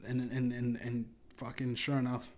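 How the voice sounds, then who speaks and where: A man's voice: mid-range voice, monotone, moderate pace, a little mellow, a little hiss or hum. A young man hosting a podcast, telling an absurd comedic story in a casual, profane, rambling way with lots of restarts. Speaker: podcast host.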